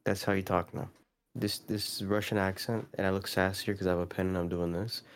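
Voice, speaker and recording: A man's voice: low-pitched, level tone, brisk. A man in a casual podcast chat, teasing and blunt, with some swearing.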